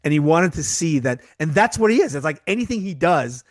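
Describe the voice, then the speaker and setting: A man co-hosting a podcast chats casually about a film, telling anecdotes and often trailing off and starting over. His voice is fairly high and very animated, and he talks a little fast. There's no room sound.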